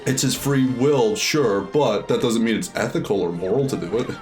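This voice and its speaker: A man's voice: medium pitch, animated, normal speed, darkish tone, soft background music. A man chatting casually while playing a video game, thinking aloud with many fillers. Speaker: let's play streamer. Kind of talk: casual gameplay chat.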